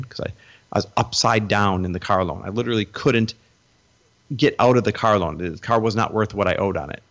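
Animated storytelling man, low voice. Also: fast. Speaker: guest. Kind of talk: storytelling interview talk.

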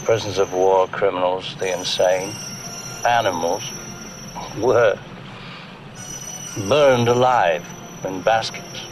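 An actor playing a grave older doctor who explains ancient rituals in a measured, ominous way, heard in film audio. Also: male voice, deep voice. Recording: film audio with background noise.

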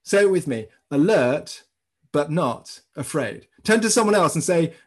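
A man preaching a sermon as pastor, telling a story in a lively way and speaking directly to his congregation. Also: fairly high pitch, unhurried. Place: church service streamed online.

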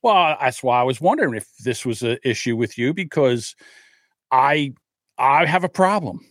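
A man's voice: medium pitch, lively intonation, normal speed, a bit bright, no echo. A man co-hosting a podcast, chatting casually and joking around on a close, dry microphone. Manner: jokey, does silly mock voices. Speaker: podcast co-host. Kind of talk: casual banter.

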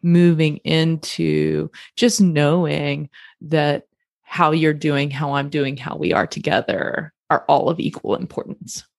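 A woman's voice: low voice, steady tone, takes it slowly, creaky, no echo, studio quality. A woman co-hosting a casual talk show, explaining ideas in an affirming way. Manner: explanatory, affirming with frequent mm-hmms.

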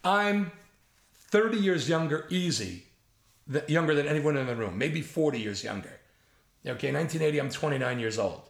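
A man's voice: mid-range voice, fairly quick, gravelly, reverberant. A man in his seventies, a comedy writer, telling casual anecdotes with imitations and frank swearing. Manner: lively storyteller who imitates others and swears freely.

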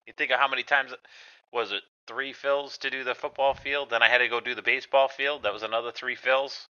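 A man's voice: medium pitch, steady tone, normal speed, sharp tone, smooth, muffled recording. A man co-hosting a call-in show, telling wry stories from his work.

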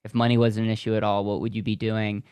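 A man's voice: lowish voice, little pitch movement, quick pace, a little mellow, smooth, no room sound. An American man hosting a podcast, enthusiastic and motivational, often restarting his sentences. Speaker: podcast host. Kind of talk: podcast interview.

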